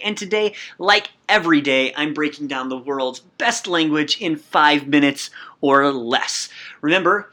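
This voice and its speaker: A man hosting a Japanese lesson podcast, explaining grammar step by step with lively energy. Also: on the high side. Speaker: podcast host and Japanese teacher. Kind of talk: upbeat language lesson podcast.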